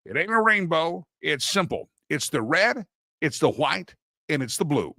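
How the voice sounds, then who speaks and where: A man's voice: on the high side, very animated, unhurried, vocal fry, bright, forceful tone, no echo. A man hosting a talk show, chatting casually with a playful, sarcastic edge.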